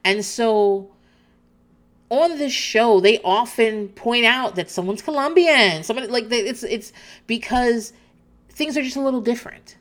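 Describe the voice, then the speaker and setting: This is an animated woman recapping a TV show in casual, candid chat. She restarts her sentences often and breaks into laughs along the way. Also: a little high, unhurried.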